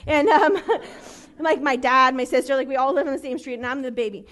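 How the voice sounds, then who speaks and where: High-voiced woman telling her recovery story. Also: brisk, a bit bright. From Los Angeles. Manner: earnest, conversational, full of fillers, voices the people in her story. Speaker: recovery meeting speaker. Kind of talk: personal recovery story told to a live meeting. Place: meeting room.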